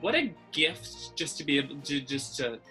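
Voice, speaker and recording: A man's voice: on the high side, lively intonation, moderate pace, pushed and bright, faint music behind. A man from Massachusetts hosting a podcast, chatting casually over a video call and wandering into self-deprecating tangents. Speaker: podcast host.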